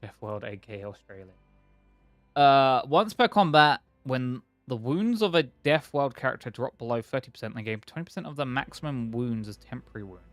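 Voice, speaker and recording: A man's voice: medium pitch, lively intonation, brisk, hardly any pauses, soft background music. Chatty, swearing male game streamer. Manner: chatty, profane, thinks aloud. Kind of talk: casual gameplay commentary.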